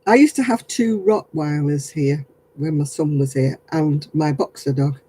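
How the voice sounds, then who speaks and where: This is a British woman chatting casually to her viewers. Her voice is husky and warm, and she talks in a wry, amused way, as if swapping stories with friends. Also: low voice, measured pace, poor audio. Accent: British English. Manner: wry and chuckling, storytelling about prank callers. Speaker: craft vlogger. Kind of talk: casual chat.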